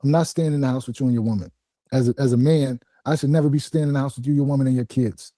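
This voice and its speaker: A man in his fifties, a boxing trainer in an interview, explaining himself in a measured, firm way. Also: mid-range voice, fairly even intonation, mellow, no echo, studio quality. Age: 50s. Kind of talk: interview clip.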